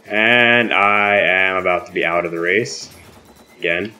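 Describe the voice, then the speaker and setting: A man playing a co-op racing game with a friend, chatting casually, excitable and swearing freely with loud outbursts. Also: deep voice, unhurried, soft background music. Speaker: game player. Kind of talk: casual let's-play chat.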